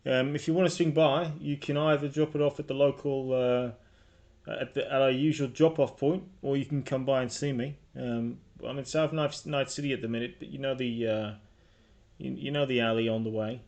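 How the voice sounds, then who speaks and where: A man's voice: mid-range voice, steady tone, moderate pace, a little mellow, muffled recording, natural voice. A man voicing a shrewd female street dealer in a tabletop game, easygoing and calling people mate.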